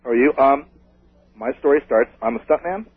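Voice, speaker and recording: A man calling in to a radio show, telling a ghost story in an excitable, rambling way. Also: medium pitch, brisk, creaky, breathy edge, no room sound. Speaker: caller. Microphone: telephone. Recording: tinny phone line.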